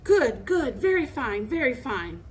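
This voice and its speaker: A woman's voice: big pitch swings, measured pace. A woman voicing a gleeful young boy prankster who screeches and hops about in a storybook reading. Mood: manic. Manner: screeching, shrill, hopping about.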